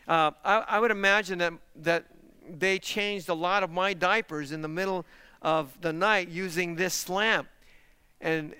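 Bright-voiced man preaching a sermon. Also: high voice, clear, resonant tone, dry recording. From parents lived in Texas. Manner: emphatic preaching with rhetorical questions. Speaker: pastor.

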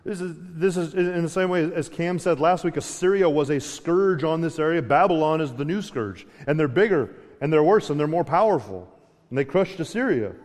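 A man's voice: a little high, expressive, normal speed, a little mellow. Conversational male preacher in a reverberant hall. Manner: conversational, with frequent restarts and dramatic paraphrase. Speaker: pastor. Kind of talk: sermon.

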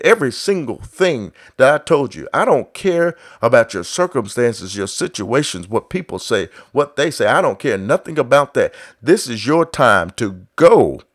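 Man preaching, building to fervor. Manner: starts low and quiet, builds to loud exhortation with repeated refrains; acts out biblical voices in quoted speech. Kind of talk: sermon.

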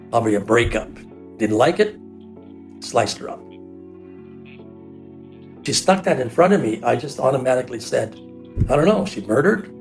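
An older man tells a personal story in a casual, run-on way. He is animated and often slips into the voices of the people he quotes. His pitch sits in an ordinary middle range, with faint music in the background. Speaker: hairdresser telling a personal story.

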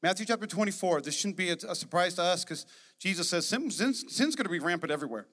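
Bright-voiced energetic preacher in a reverberant hall. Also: male voice, sits high, fast talker. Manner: energetic, emphatic preaching with joking asides. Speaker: pastor. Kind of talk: sermon. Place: church sanctuary.

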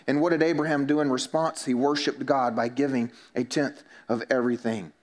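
A man's voice: mid-range voice, steady tone, a little fast. Humorous man preaching a sermon. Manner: conversational preaching with humor and mock dialogues. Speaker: pastor.

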